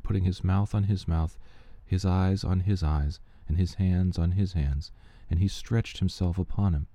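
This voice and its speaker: Male reader for scripture passages, low and very dark in tone, measured and steady, dry close sound. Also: dry recording, highs cut off. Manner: measured, steady reading pace. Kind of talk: scripture reading.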